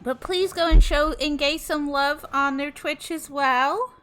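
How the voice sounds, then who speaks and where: A woman's voice: high-pitched, takes it slowly, fairly bright tone, soft background music. A young woman streaming live, casually chatting and effusively thanking her viewers, often exclaiming in shock.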